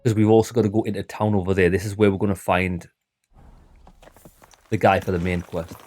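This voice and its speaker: A man's voice: low-pitched, level tone, brisk, darkish tone, soft background music. A man giving chatty, joking commentary while he plays a video game for his channel. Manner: chatty, joking, addresses viewers as lads. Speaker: gaming channel host. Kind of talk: casual gameplay commentary.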